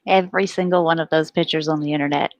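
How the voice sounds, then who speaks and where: Low-pitched woman chatting on an online panel, rambly, laughs a lot, dry sound. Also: fairly even intonation, fast talker, no echo. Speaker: panel host. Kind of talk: casual online panel chat.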